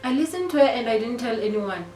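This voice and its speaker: A young woman giving an earnest personal testimony, shifting between hushed and animated. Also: on the high side, quick pace. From South Africa. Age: young adult. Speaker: guest. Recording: echoey room, distant mic, music behind.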